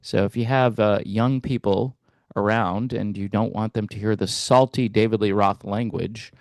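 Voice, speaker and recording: A man hosting a music commentary channel, talking in a relaxed, hesitant way with wry asides. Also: on the low side, moderate pace, dry recording, studio quality. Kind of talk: casual reaction commentary.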